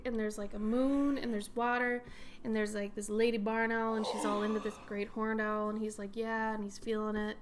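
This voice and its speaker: A woman's voice: on the high side, slight background noise. A young adult woman streaming her art, chatting casually in a playful, rambling way while she draws. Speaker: artist streamer. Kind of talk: casual chat while drawing.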